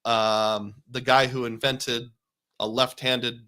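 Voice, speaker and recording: A man's voice: medium pitch, flat delivery, slow pace, sharp tone. A middle-aged man from Iowa hosting a live stream, chatting casually and answering viewer questions in a rambling way.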